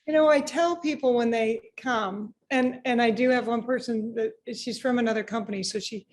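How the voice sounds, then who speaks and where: A woman business owner chatting in an interview, animated, acting out what people said, with frequent restarts. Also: fairly high pitch, normal speed. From United States. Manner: animated, acts out quoted remarks, frequent restarts. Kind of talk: casual interview conversation.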